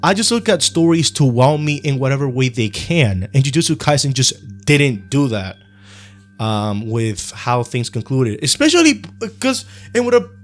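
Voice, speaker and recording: A man's voice: mid-range voice, moderate pace. Rambling young man with a Spanish accent. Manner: rambling, relaxed, slangy, with frequent ums and self-corrections. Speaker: anime commentary youtuber. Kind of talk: casual opinion monologue.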